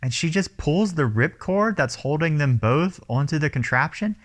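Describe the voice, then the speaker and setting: A man giving a casual, sarcastic movie recap commentary, animated and laughing often. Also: on the high side, moderate pace. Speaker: film reviewer.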